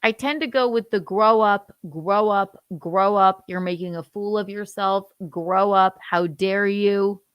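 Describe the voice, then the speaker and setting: A woman in her thirties hosting a casual livestream chat, animated and laughing, swearing freely and acting out how she yells. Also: mid-range voice, unhurried, few pauses, smooth, dry recording, muffled recording. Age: 30s. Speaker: host.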